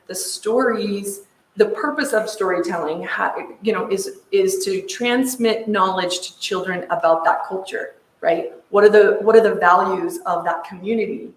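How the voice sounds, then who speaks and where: A woman's voice: medium pitch, measured pace. American woman lecturing in an echoey room. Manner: animated storytelling, frequent "right?" checks. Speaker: seminar presenter. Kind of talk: lecture with personal anecdote.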